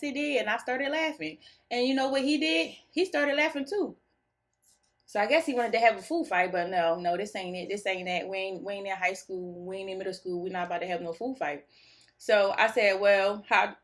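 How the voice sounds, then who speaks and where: A young woman tells a story to her followers in a goofy, laid-back way. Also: a little high. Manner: goofy, laughs easily, animated retelling. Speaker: vlogger telling a story. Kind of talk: casual storytime chat.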